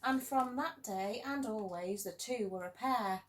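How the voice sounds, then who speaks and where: At medium pitch and a slightly slow pace, a woman teacher reads a rhyming picture book out loud. She keeps it gentle and sing-song, adding playful emphasis in a storytelling manner.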